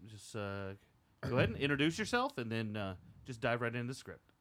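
A man playing a deadpan, dry casting director. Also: mid-range voice, brisk. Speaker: host. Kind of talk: improv comedy scene.

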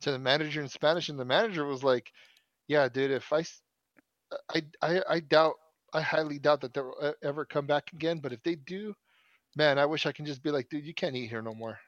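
A man's voice: fairly high pitch, steady tone, a little fast, dry recording, muffled recording. A man in his thirties telling a long story in casual chat, swearing often and restarting his sentences. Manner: profane, rambling storyteller with many restarts.

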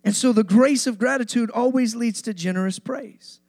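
A man's voice: extremely high pitch, moderate pace, a little mellow, dry recording, studio quality. A male pastor preaching a sermon to his church, driving points home with repetition and rising emphasis.

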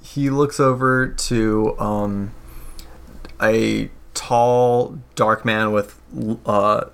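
A man narrating a tabletop role-playing game as game master, halting often with fillers as he describes scenes and speaks for characters. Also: fairly low pitch, fairly even intonation, fairly bright tone, clear, resonant tone.

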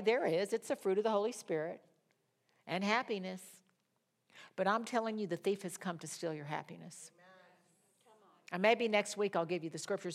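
A middle-aged woman teaching a Bible study, telling a personal testimony in an animated, storytelling way, talking fast and pitching her voice up high at the emotional moments.

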